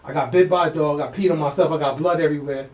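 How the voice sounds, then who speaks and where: A man co-hosting a podcast, telling a story in a fast, slangy, animated way and acting out the voices of people in it. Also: on the high side. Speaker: podcast co-host. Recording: echoey room, mic at a distance.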